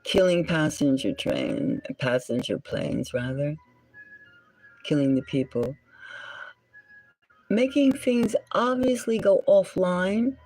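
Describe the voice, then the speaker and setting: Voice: medium pitch, sing-song, takes it slowly, pauses often, darkish tone, faint music behind, rough recording. A tarot reader and channel host giving a solo reading in a musing way, often dropping into a whisper and stopping to correct words.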